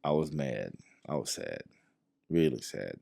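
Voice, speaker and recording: A man's voice: extremely low pitch, unhurried, creaky, no echo, studio quality. A man, a jiu-jitsu professor telling a story in casual talk, acting out the dialogue as he goes. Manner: animated, acts out quoted dialogue.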